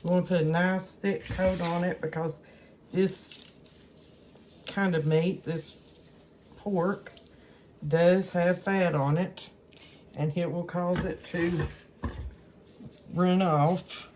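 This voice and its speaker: A woman walks through a home recipe in an easy, explanatory way. Her delivery is unhurried and level, with little rise and fall. A soft hiss runs faintly behind her. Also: lowish voice, fairly even intonation. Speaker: cooking channel host. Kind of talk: casual cooking demonstration.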